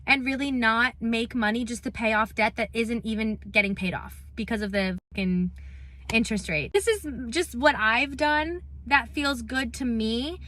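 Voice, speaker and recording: A woman talking giddily and excitably in a casual vlog. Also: on the high side, normal speed. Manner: giddy, excitable.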